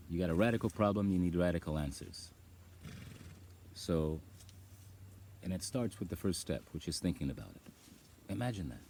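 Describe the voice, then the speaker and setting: A man's voice: sits low, warm tone, a little hiss or hum. A man vlogging outdoors on a rural farm, rambling in casual talk and laughing as he acts out voices.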